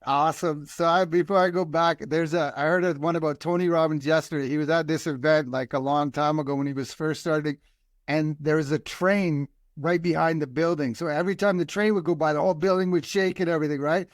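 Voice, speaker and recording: A man hosting a podcast, telling a quick anecdote in a casual, chatty way. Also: a little high, fairly even intonation, no room sound, clean studio sound.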